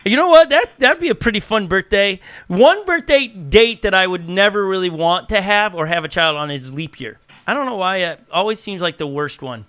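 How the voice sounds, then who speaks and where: Man, pastor host, casual chat, animated, bright tone, dry close sound. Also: high voice, moderate pace, hardly any pauses, clean tone, no room sound. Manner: animated, acts out quoted dialogue, frequent restarts.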